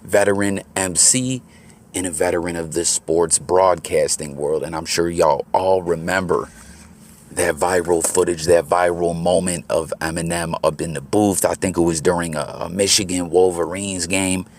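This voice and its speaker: A man's voice: deep voice, steady tone, normal speed, darkish tone, a little hiss or hum. A man hosting his own channel, giving laid-back, slangy commentary while out moving around. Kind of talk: casual commentary. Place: outdoors on the move.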